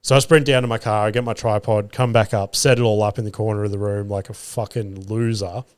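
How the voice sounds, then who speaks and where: Fairly quick and fairly even in intonation, this lowish male voice belongs to an Australian stand-up comedian hosting his podcast. He rambles through stories, cursing without restraint and performing the things he said. There is no room sound.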